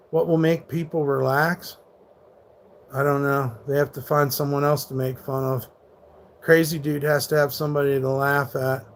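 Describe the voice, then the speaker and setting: A man in his thirties streams live, answering his chat in a fairly high voice. He talks back hard at trolls, swearing freely and sounding combative. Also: slight background noise. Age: 30s. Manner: combative, profane, rants back at hecklers. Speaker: livestreamer.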